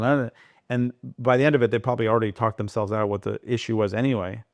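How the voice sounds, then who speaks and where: A man speaking as a podcast guest, animated and digressive, talking in quick bursts. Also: lowish voice, dry recording, clean studio sound. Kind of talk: conversational interview.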